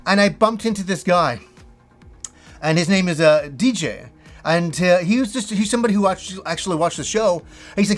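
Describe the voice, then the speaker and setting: Brief: middle-aged man, slightly high voice, excitable rambling vlog host, faint music underneath. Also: fairly quick. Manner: enthusiastic, rambling storyteller who acts out quotes. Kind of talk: casual reminiscing vlog.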